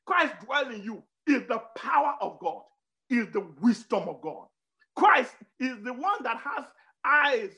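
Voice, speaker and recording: A preacher delivers a sermon, emphatically repeating words and phrases while his pitch and volume swing suddenly.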